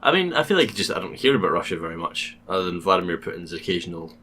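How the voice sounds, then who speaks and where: A man co-hosting a casual podcast, quick and wry, talking in long run-on sentences. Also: low voice, sing-song, bright, forceful tone, a little hiss or hum. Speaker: podcast co-host.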